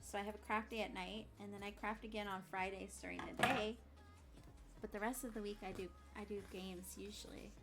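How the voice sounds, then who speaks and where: A woman chatting casually on a crafting livestream, bubbly and quick to laugh, greeting viewers loudly and muttering to herself as she works. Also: mid-range voice, steady tone, music in the background. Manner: mutters and whispers to herself while working. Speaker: craft streamer.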